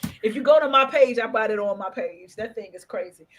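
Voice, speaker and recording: Female co-host, a touch high-pitched, expressive and lively in casual chat. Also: quick pace, a little hiss or hum. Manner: animated, expressive storytelling. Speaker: podcast co-host.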